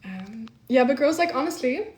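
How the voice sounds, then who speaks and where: Casting: young woman, slightly high voice, chatty live-stream host in an echoey room. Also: lively intonation, normal speed. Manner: chatty, peppers speech with "like", reads chat aloud. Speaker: livestream host. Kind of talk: casual live-stream chat.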